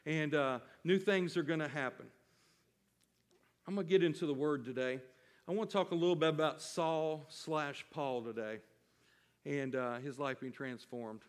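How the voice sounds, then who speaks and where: A man's voice: on the high side, moderate pace, in a large hall. A man preaching a sermon to his congregation, reading scripture and stretching out key phrases with rising emphasis. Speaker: pastor.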